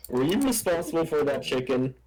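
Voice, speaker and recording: A man's voice: a little high, rough recording. A man hosting a casual gaming chat, playful and giggly as he builds and jokes. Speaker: server host building in game.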